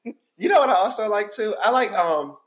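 A man with a noticeably high voice chats loosely as a podcast co-host. He jokes around, tells stories and breaks into laughter often. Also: moderate pace. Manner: animated, joking, laughs often. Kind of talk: casual chat.

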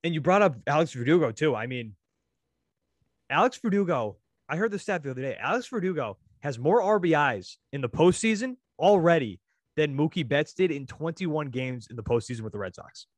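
A young man co-hosting a casual sports chat, enthusiastic and quick to cite stats. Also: fairly high pitch, lively intonation, dry recording. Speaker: sports podcast co-host.

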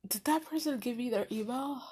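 A woman's voice: fairly high pitch, a little fast, slightly rough. Chatty young woman telling a story. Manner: chatty, many fillers and restarts; animated, laughs often. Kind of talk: casual storytelling.

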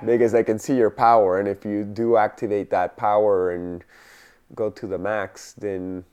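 A man's voice: lowish voice, little pitch movement, normal speed, a little mellow, clean tone, lo-fi sound. A man hosting a casual chat, supportive and encouraging toward his guest.

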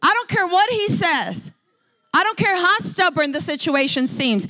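A woman's voice: very high-pitched, very animated, a little slow, sharp tone. A woman pastor preaching a sermon with emphatic, fervent delivery that rises to firm commands.

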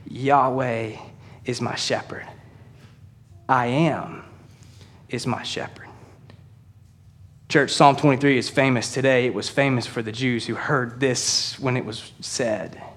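A man preaching a sermon, speaking earnestly to his congregation and easing into slow, soft emphasis on key lines. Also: a little high. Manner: earnest preaching, addresses congregation as church and y'all. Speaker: pastor.

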